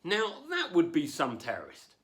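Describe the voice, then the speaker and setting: Comic, lively wry delivery, fairly high voice, dry self-mocking stand-up. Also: male voice, moderate pace. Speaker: stand-up comedian. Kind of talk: stand-up comedy monologue. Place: home, performing without an audience.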